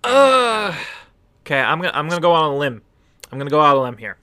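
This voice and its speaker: An excitable man co-hosting a podcast in casual chat. His bright voice swings widely in pitch, and the sound is dry and close. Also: quick pace, dry recording. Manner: animated, excitable. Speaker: podcast co-host.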